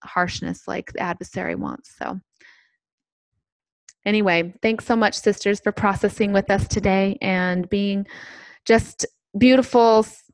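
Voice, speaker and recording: A woman co-hosting a faith-based podcast, telling a story in a gentle, emotional way. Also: mid-range voice, fairly even intonation, unhurried, no room sound. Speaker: podcast co-host.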